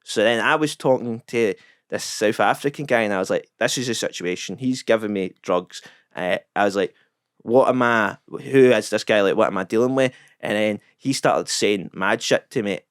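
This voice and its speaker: A Scottish man spins a long, sweary anecdote with deadpan self-mockery. His voice sits a little low and comes through smooth and clean. The sound is close and dry, with no room around it. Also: moderate pace, no echo. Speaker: comedian guest. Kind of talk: casual storytelling anecdote.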